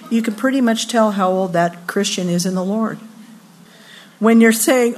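A woman in her sixties giving a sermon at a women's retreat, expressive and acting out voices when she quotes people. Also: mid-range voice, normal speed.

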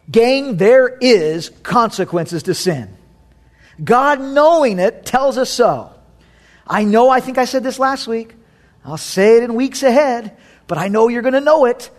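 A man pastor preaching a sermon, reading scripture and joking, with sudden dramatic swings in his delivery. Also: very high-pitched.

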